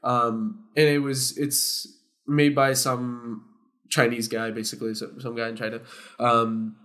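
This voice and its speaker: Animated young man telling a story. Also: medium pitch, a little slow. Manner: animated storyteller who gets loud and laughs when worked up. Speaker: podcast co-host. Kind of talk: casual storytelling among friends.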